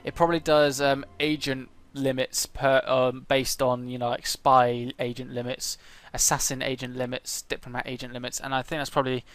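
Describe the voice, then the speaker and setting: A man's voice: mid-range voice, flat delivery, moderate pace, hardly any pauses, fairly bright tone, dry recording. A man commenting on his own strategy game as he plays, thinking aloud with frequent hesitations and fillers. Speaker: let's play gamer.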